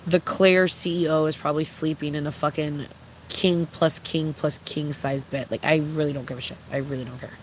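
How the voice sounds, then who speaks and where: A young adult livestreamer in casual, unscripted chat with viewers, talking bluntly and with a lot of profanity, ranting with lively swings. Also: mid-range voice, moderate pace, a little hiss or hum, low-quality recording.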